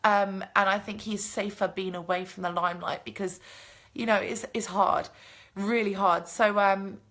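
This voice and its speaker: A woman vlogger chatting casually and telling an animated story, swearing freely as she answers viewer comments. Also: medium pitch, normal speed. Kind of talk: casual chat, live stream.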